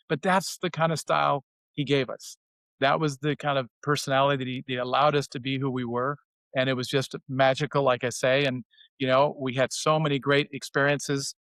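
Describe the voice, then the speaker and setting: An older man in his sixties reminisces about his playing days in a relaxed, storytelling way. His voice sits at an average pitch and sounds dry and close. He lifts his voice to act out what others said. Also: brisk, no room sound. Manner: animated, acts out quotes in a raised voice. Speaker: former player sharing memories. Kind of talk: casual storytelling on a podcast.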